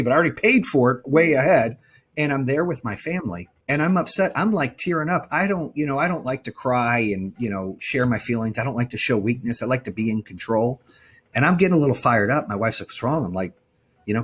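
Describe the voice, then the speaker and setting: A man's voice: mid-range voice, breathy edge. A man being interviewed as a company founder, telling his story in a blunt, emphatic way and often correcting himself mid-sentence.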